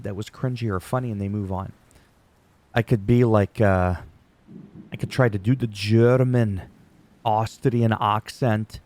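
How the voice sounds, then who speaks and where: A man's voice: on the low side, darkish tone, no room sound. A man recapping a wrestling show in casual commentary, rambling off on tangents and swearing casually.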